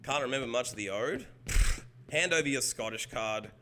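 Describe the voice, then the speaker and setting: An Australian man streaming a game, chatting casually with viewers in an excitable, rambling way and swearing freely. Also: mid-range voice, moderate pace, a little hiss or hum. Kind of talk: casual chat while gaming.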